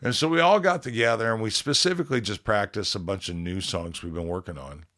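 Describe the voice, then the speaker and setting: A man's voice: lowish voice, fairly quick, fairly bright tone. A man, a band leader on a podcast, telling a rambling, profane story in casual chat and acting out quoted dialogue.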